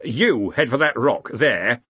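A man's voice: medium pitch, expressive, slow pace, sharp tone, slightly rough, dry recording, exaggerated voice. A man voicing a polite, fussy scholarly wizard in an audiobook.

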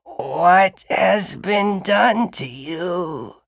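A man voicing an ancient giant worm in a storybook reading, with a shrill, howling, pleading delivery. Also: animated, very slow, creaky, no echo, clean studio sound, exaggerated voice. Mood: reproachful.

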